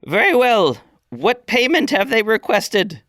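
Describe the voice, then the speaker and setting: A commanding old orc matriarch, voiced by a man, measured and formal, pitched well above his own voice. She sounds close and dry, with a bright, clean tone. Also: sing-song, dry recording, full character voice. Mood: stern. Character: stern old orc woman, tribal elder.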